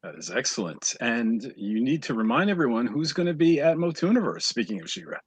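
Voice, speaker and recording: A man's voice: mid-range voice, sing-song, brisk, breathy edge, no echo. A man co-hosting a fan podcast, chatting casually and rambling as he searches for words with lots of ums. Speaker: podcast co-host. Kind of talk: casual chat.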